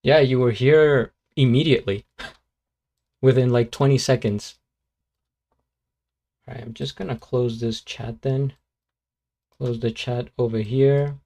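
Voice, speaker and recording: Slow, easygoing male streamer. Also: mid-range voice. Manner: relaxed, rambling, lots of fillers and self-corrections. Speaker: streamer reacting to beatbox videos. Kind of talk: casual live-stream commentary.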